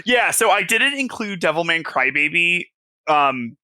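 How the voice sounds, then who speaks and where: Bright-voiced man, hesitant chat. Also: fairly high pitch, big pitch swings, measured pace, no echo. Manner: laughing often, hesitant with many fillers. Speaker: podcast co-host. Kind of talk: casual chat.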